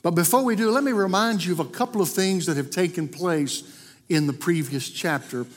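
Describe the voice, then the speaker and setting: A man's voice: high-pitched, brisk. A man with a Kentucky accent, preaching an earnest, story-driven sermon in a church. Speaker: guest preacher. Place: church sanctuary. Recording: long church hall reverb.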